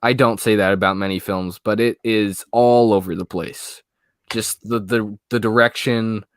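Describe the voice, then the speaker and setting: A man's voice: on the low side, steady tone, a little slow, no room sound. Hesitant young man, dry close sound. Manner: hesitant, rambling, many fillers and "I don't know". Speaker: guest, movie YouTuber. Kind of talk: casual interview chat.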